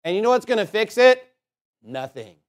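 A man preaching a sermon in a conversational, sarcastic way, with joking asides and loud scripture reading. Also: sits high, very animated, normal speed.

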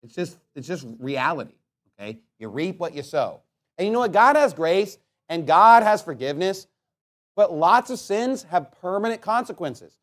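Blunt high-voiced male preacher. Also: big pitch swings, normal speed. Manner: emphatic, blunt, swings between loud bursts and quiet asides; peppers points with "okay?" and "you know what?". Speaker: pastor. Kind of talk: sermon.

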